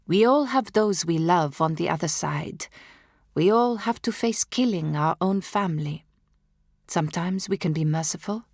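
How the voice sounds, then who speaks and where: A woman's voice: on the low side, expressive, moderate pace, a little mellow, no echo, studio quality. A woman narrating a historical novel in the first person, with dramatic, emotive delivery that drops into whispers at tense moments. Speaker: audiobook narrator.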